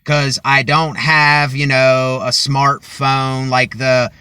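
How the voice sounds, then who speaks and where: A man vlogging a motivational monologue into a cheap phone from inside his car, speaking deliberately and loudly as if to a crowd. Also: medium pitch, level tone, clear, resonant tone, no echo. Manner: slow and deliberate, projecting as if to a crowd.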